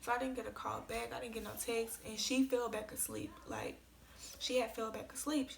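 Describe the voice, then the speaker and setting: Gravelly young woman in an emotional storytime. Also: on the high side, little pitch movement. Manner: casual slangy retelling, tearful and rushed. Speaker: vlogger.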